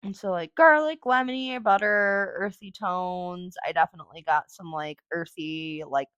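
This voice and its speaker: A woman's voice: fairly low pitch, normal speed, a bit bright, clear, resonant tone, no echo, dull audio. A woman hosting a casual solo podcast, rambling and thinking aloud with lots of fillers, swearing and sing-song noises as she reviews a product. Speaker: podcast host reviewing cannabis.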